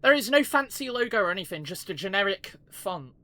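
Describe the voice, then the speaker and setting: A man with a high, sing-song voice that is brisk, pushed, and bright gives casual let's-play commentary over game music. He's chatty and hesitant, dropping lots of "um" and "like."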